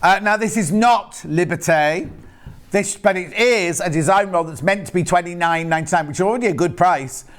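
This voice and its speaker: A man's voice: high-pitched, a little fast. Chatty TV shopping presenter, man. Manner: chatty, teasing, reads prices and product codes. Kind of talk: live TV sales chat. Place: TV studio. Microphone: earpiece and studio mic.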